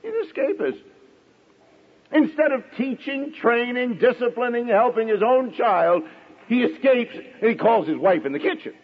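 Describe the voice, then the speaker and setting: A middle-aged man delivers a sermon in a high, husky voice that rises and falls dramatically. He leans on long pauses and now and then acts out the people in his stories. The sound is dull and lo-fi, like an old radio broadcast. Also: long reverb tail. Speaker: preacher.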